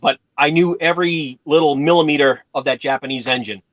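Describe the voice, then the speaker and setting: A man's voice: a little high, brisk, no echo, lo-fi sound. A man from Massachusetts chatting casually, rambling through stories and swearing now and then. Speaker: channel host. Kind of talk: casual chat.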